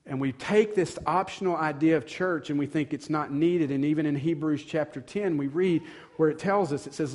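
Male preacher, emphatic sermon delivery, voice on the high side. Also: moderate pace. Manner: earnest preaching, building to emphatic louder passages. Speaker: pastor.

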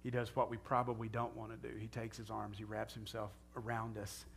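A man's voice: fairly low pitch, completely flat delivery, fairly quick, vocal fry, noisy background. A middle-aged man preaching as a pastor in an earnest, conversational way that rises to fervent prayer. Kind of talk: sermon and closing prayer.

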